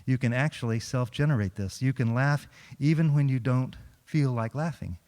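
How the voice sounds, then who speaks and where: Speaking at a moderate pace in a medium-pitched voice, a middle-aged chaplain tells a congregation funny stories in a large church hall. He acts out quotes and laughs a lot, a lively storyteller. The recording carries long hall reverb.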